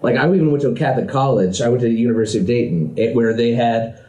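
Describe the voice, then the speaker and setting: A man's voice: mid-range voice, rapid-fire, dark tone, highs cut off. A man co-hosting a podcast, telling a rambling story full of fillers in casual chat. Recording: roomy echo.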